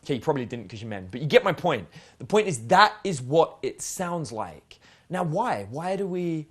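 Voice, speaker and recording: A man teaching a dating seminar in a lively, casual way, swearing now and then and acting out example lines. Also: on the high side, normal speed, slightly rough. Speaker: dating coach. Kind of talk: spoken seminar lesson.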